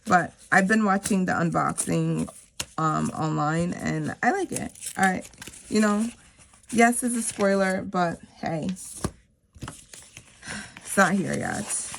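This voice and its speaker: Chatty New woman with gravelly voice. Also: on the low side, slow pace, pauses often, slight background noise. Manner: chatty, repeats herself for emphasis, talks to viewers. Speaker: savings challenge vlogger. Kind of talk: casual chatty vlog while stuffing cash envelopes.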